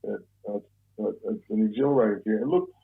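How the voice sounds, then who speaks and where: A relaxed Australian man tells long stories in a casual interview, swearing freely and circling back on himself. His voice is low, gravelly and husky. It comes through a narrow, phone-like channel. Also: fast talker. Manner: relaxed, profane, rambling storyteller. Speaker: guest, former bank robber.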